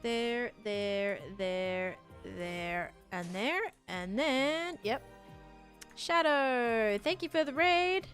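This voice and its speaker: A woman's voice: a little high, drawn-out words, a bit bright, faint music behind. A young woman from Australia with an Australian American accent, casually chatting on a gaming stream while answering chat and describing what she builds. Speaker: live streamer. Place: home room with her PC.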